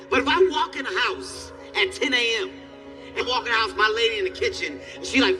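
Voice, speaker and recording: A man doing stand-up comedy on a live stage, telling stories in an animated, profane way. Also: very high voice, brisk, soft background music. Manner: animated, loud storytelling with profanity.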